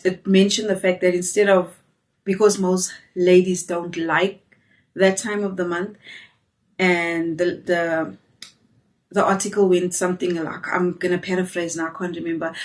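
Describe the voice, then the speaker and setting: A woman chats candidly to her viewers. She talks in a lowish voice, full of restarts and fillers. She sits a bit back from the mic. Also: far from the mic. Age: 40s. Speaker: vlogger. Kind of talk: casual chat to camera.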